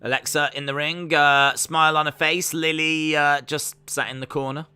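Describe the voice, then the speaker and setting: A man hosts a casual live reaction stream, his voice sitting a touch high and sounding smooth and resonant. He rambles from thought to thought, trailing off with fillers as he calls the action. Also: flat delivery, normal speed, pushed and bright.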